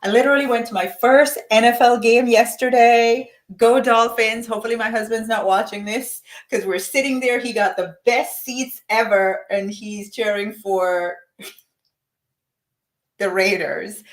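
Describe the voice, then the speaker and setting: A woman's voice: fairly high pitch, steady tone, unhurried. A woman leading a live-stream coaching session, upbeat and encouraging, chatting to viewers by name. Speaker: livestream coach. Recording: roomy echo.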